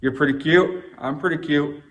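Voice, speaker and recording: Guy putting on a high giggly flirty lady voice, coy and teasing. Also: moderate pace, natural voice.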